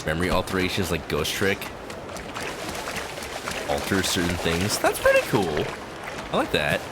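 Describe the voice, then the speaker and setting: With game music clearly audible beneath him, a man rambles casually while playing a video game, filling his speech with "like." He has a deep voice with wildly swooping pitch and a measured pace. The recording is very noisy.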